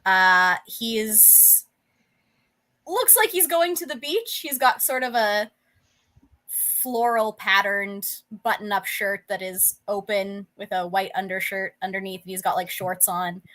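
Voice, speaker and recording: A young woman runs a tabletop game and paints a scene with many "um"s, "like"s and restarts. Her voice is bright and forward, at a middling pitch. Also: unhurried. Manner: rambling, many fillers and restarts. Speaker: game master.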